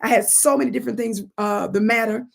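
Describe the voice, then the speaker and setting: A woman's voice: a little high, fairly even intonation, fast talker, vocal fry. A woman hosting a spiritual livestream, teaching in an emphatic, preacher-like way, asking her audience rhetorical questions and thanking viewers for their comments. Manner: reads viewer comments aloud and thanks them warmly. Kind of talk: live-streamed spiritual teaching.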